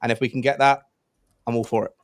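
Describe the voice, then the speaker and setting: A man on a casual football podcast panel, with an average pitch and a dry, close sound. He talks in a halting, thinking-aloud way as he builds his points. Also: steady tone, dry recording. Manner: halting, many fillers and restarts while forming opinions.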